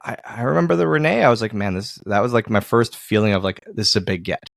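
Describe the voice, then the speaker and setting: Animated, laughing podcast host man. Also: lowish voice, quick pace, gravelly, dry recording, clean studio sound. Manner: animated, self-mocking storyteller who laughs often. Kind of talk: casual chat.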